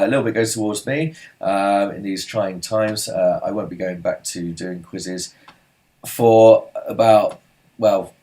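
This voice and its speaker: A man's voice: lowish voice, a little mellow. A man hosting an online pub quiz, reading out answers in a chatty, rambling way with lots of asides and fillers.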